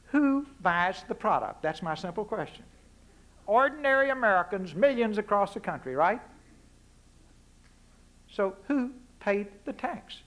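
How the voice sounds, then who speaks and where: A Texan man in his sixties with a high-pitched, fairly bright voice gives a folksy, punchy public address in a university lecture hall. He fires off rhetorical questions one after another.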